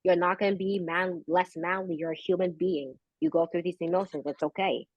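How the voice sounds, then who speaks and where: Blunt, low-voiced woman telling a story. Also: steady tone, a little fast, no echo, lo-fi sound. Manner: blunt storytelling, swears freely. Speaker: podcast co-host. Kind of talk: casual group chat.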